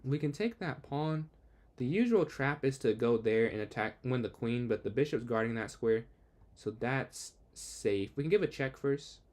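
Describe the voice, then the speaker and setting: Young man thinking aloud over chess. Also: medium pitch. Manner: thinks aloud, quick asides to chat; excitable outbursts when the game turns. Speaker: chess streamer. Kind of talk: casual live game commentary.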